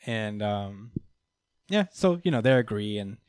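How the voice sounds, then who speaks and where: A man's voice: on the low side, animated, unhurried, darkish tone, clean tone, no echo, clean studio sound. A man casually recapping a comic book story, full of fillers, laughter and swearing. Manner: laughs often, many fillers, swears freely. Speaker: podcast host.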